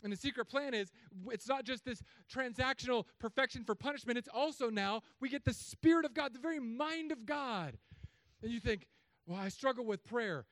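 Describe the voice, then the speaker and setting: A man in his thirties preaching a sermon as pastor, telling stories in an animated way with sudden loud, high bursts. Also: fairly quick, dry recording, studio quality.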